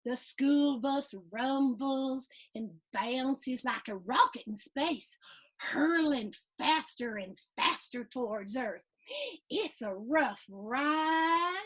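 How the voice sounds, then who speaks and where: Storytime host: middle-aged woman, lilting high tone, takes her time, gasps and chats with young listeners. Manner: animated, gasping, playful asides to young listeners. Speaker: storytime host reading to children. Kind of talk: reading a picture book aloud to kids.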